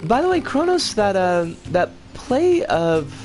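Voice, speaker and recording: Lively, pitch-swinging game streamer. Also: a little slow, soft background music. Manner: chatty, greets viewers warmly, swings pitch a lot. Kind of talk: casual live game commentary.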